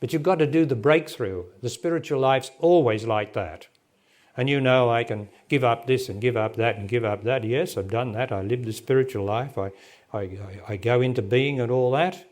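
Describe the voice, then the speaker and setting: A man's voice: medium pitch, normal speed, darkish tone. A man in his sixties, a spiritual teacher talking directly to a gathering and answering a question in plain words. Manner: direct, plain-spoken, laughs often. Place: meeting hall with audience. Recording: remastered 1998 talk recording.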